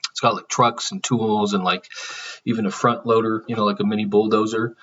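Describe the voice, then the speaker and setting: A man's voice: lowish voice, little pitch movement, fairly quick, a bit bright, slightly rough, distant mic, highs cut off. A man talking casually to his channel, rambling with many fillers and restarts. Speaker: channel host. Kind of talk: casual spiritual vlog monologue.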